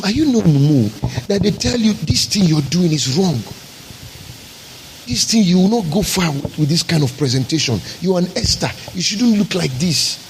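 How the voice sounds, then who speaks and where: A man's voice: sits high, creaky, a little hiss or hum, rough recording. Emphatic man preaching a sermon. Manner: emphatic, rhetorical preaching with repeated phrases. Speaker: pastor.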